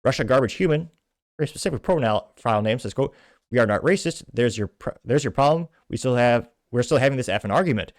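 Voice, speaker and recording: Fast-talking man hosting a commentary show. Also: mid-range voice, expressive, dry recording, clean studio sound. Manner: brisk, scornful commentary between read-out quotes. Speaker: podcast host. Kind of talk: reading out and commenting on social media posts.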